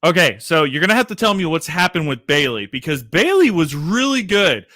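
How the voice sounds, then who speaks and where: A man hosting a casual livestream chat, rambling and animated, swearing freely and laughing at himself. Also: on the high side, fairly quick, dry recording, clean studio sound. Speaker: livestream host.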